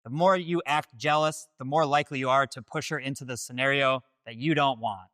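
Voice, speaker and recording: Guy hosting a dating advice talk, bright voice, direct and matter of fact. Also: mid-range voice, fairly even intonation, brisk, dry recording, studio quality. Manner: direct, declarative. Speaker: host. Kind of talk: scripted dating-advice commentary.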